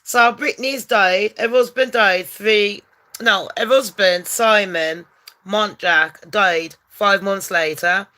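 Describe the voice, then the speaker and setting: A woman hosts a casual gossip vlog, talking in a brash, profane, rowdy way that bursts into loud rants. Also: mid-range voice, takes it slowly. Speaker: channel host.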